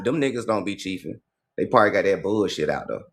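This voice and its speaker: A man with a low-pitched voice hosts a casual livestream. He reads passages aloud and breaks off to comment in streetwise, profane slang, hammering his points home by repeating them. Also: sing-song, quick pace, gravelly. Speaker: livestream host.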